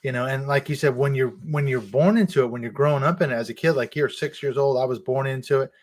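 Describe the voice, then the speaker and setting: A middle-aged man speaks as a guest in an easygoing conversation. His voice sits in an ordinary middle pitch. He tells his stories with animation and the occasional chuckle. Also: fast. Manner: animated storytelling with frequent laughs. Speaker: author and guest. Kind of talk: casual conversation.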